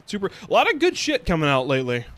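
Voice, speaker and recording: A man's voice: sits high, huge pitch swings, fast talker, a bit bright. A man streaming a video game, chatting casually in a rambling way with plenty of fillers. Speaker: VTuber streamer. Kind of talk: casual let's-play commentary.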